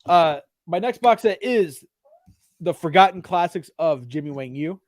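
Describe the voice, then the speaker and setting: A man with a fairly high voice talks films in a loose, animated way, swearing freely and dropping into mocking voices. The sound is close and dry, with no room around it. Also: measured pace, no echo. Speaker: podcast co-host. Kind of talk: casual chat about films.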